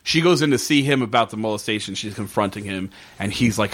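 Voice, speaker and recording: Low-voiced man animatedly retelling a show. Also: fast. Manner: animated and profane, acting out quotes. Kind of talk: casual chat retelling a TV episode.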